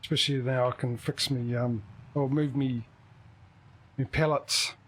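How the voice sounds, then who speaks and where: Male streamer, husky voice, rambling casual gaming chatter. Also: medium pitch, steady tone, measured pace, rough recording. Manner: rambling, thinks out loud. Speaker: streamer hosting a multiplayer game.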